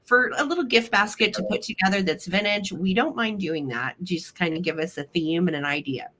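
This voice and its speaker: Bright-voiced woman hosting a vintage sale. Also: lowish voice, brisk, a little hiss or hum. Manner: chatty, friendly, apologetic asides. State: weakened voice after being sick. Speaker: live-stream vintage sale host. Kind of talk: casual live-stream sales pitch.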